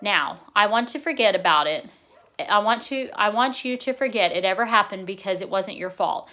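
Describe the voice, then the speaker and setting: A woman reading aloud, giving voice to a kindly old grandfather who coaxes warmly and bursts into excited near-shouts. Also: mid-range voice, normal speed. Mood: solemn, gentle.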